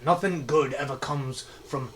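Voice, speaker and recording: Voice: medium pitch, a little slow, recorded from a distance, a little hiss or hum, lightly acted. A player doing a grumbling distrustful dwarf. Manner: gruff, grumbling.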